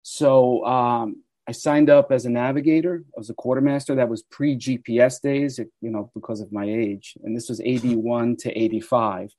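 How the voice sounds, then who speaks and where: A man's voice: medium pitch, normal speed, hardly any pauses, no room sound. Man in his sixties telling stories. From United States. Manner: animated storyteller who acts out quoted voices. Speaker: guest. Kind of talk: storytelling interview.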